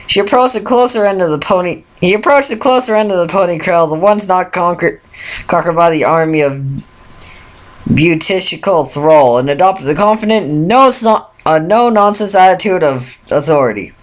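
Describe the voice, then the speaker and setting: A woman with a fairly low voice reads a pony fan story aloud. Her reading is unpolished and full of stumbles and restarts, and she pushes on through each slip. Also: animated, normal speed, poor audio. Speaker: fan fiction reader.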